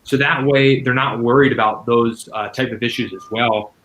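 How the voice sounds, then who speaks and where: A man's voice: mid-range voice, steady tone, moderate pace, fairly bright tone, rough recording. A man, a guest expert on senior living, answering interview questions in a casual, explanatory way with frequent "you know" fillers.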